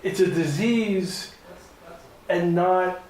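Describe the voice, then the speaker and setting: In a very echoey hotel room at a film festival, a man interviews filmmakers casually, rambling and restarting often while close to tears. His high-sitting voice is a little mellow and extremely slow.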